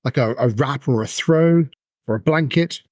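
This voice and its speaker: A man's voice: medium pitch, moderate pace, darkish tone, no room sound. Male game master, mid voice, dry close mic, rambling casual narration. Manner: rambling, filler-heavy description.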